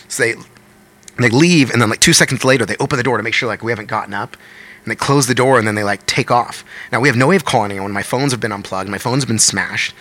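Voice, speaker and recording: Fast-talking man telling a wild story. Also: medium pitch. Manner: fast, animated, profane storytelling. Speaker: guest musician. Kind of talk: casual storytelling on a podcast.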